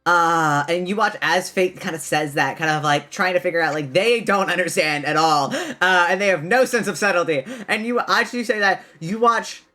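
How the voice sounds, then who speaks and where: A game master narrating a tabletop role-playing game in an animated way, with fillers and frequent laughs. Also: mid-range voice, moderate pace, hardly any pauses.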